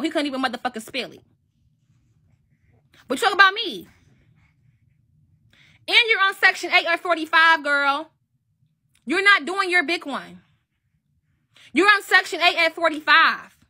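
High bright-voiced woman ranting bluntly. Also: normal speed, long pauses. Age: 20s. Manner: blunt, profane and mocking, repeats taunting questions. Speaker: commentary vlogger. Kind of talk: ranting commentary.

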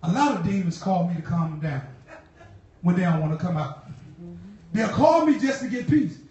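Preaching in church with an animated, lowish voice at a moderate pace, a woman tells slangy, casual stories, laughing and repeating key lines in fervent shouted bursts. The audio is dull, recorded from far off in an echoey hall.

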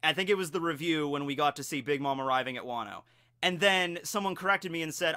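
A man hosting a casual fan commentary channel, talking in an energetic, rambling way with many restarts. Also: a little high, fast. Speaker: YouTube host.

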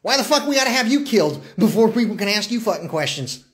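A man with a high-pitched voice delivers an agitated, profanity-heavy livestream rant. He hammers the same questions again and again, trips over and restarts words, and keeps breaking into bursts of laughter. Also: lively intonation, fast, a bit bright. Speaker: live streamer. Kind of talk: unscripted livestream monologue.

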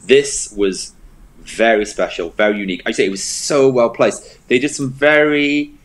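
In a rough recording, a medium-pitched man speaks at a moderate pace as co-host of a film review show. He's casual and enthusiastic, leaning on repeated words for emphasis.

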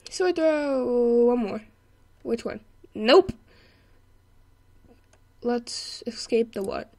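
Young woman doing let's play commentary, kinda high voice, slow easy talk, gets loud and giggly at the game. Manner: excitable, laughing, yelling at the game. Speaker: gameplay commentator.

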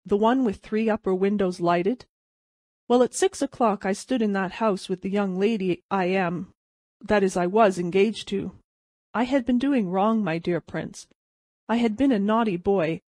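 A woman's voice: medium pitch, a little mellow, no echo, close to an everyday voice. A woman voicing a bitter, heartbroken young man in a dry audiobook reading. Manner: wry, mocking deference turning hopeless.

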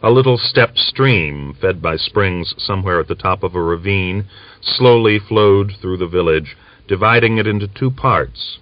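A man narrating a novel as an audiobook reader, in a measured, even storytelling manner. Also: low-pitched, dry recording, lo-fi sound. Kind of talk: scripted narration.

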